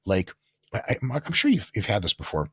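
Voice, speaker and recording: A man talking as a guest on a podcast, animated and profane, often acting out the voices of the people he quotes. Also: on the low side, fairly quick, slightly rough, dry recording, studio quality. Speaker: guest coach and sports scientist. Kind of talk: casual podcast conversation.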